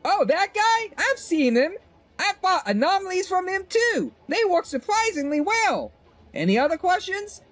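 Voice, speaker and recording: A man voicing a chatty young female shopkeeper in a strained high falsetto, with bubbly sing-song customer-service chatter. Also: big pitch swings, normal speed, fairly bright tone, heavily acted. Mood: cheery. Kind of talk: game dialogue voiced by a streamer.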